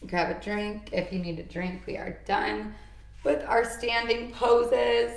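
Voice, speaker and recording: A woman guides a yoga session, calling out poses and breaths in a calm, encouraging way. Her voice has a slight gravelly fry at a mid pitch. The sound carries a roomy echo. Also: slow pace. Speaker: yoga instructor. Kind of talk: guided yoga class instruction.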